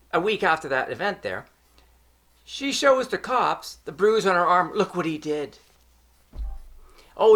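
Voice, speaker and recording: A man's voice: fairly high pitch, fairly bright tone. A middle-aged man from Canada, telling a personal story to his vlog in a heated, profane rant full of swearing. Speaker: vlogger.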